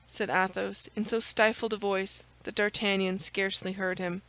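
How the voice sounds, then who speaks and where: A woman's voice: mid-range voice, flat delivery, moderate pace, a bit bright, poor audio. Woman narrating a classic novel. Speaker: audiobook reader. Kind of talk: scripted narration.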